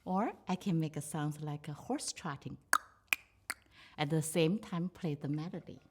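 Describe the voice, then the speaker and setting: A woman's voice: deep voice, a little slow. A woman musician with a Chinese accent, explaining her instrument in simple, non-native English and imitating sounds with her voice. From China. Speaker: pipa musician. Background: plucked pipa music.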